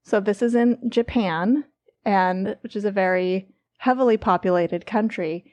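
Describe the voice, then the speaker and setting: A woman's voice: mid-range voice, measured pace, darkish tone, dry recording, dull audio. Giggly woman podcast host. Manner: giggly, chatty. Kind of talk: casual chat.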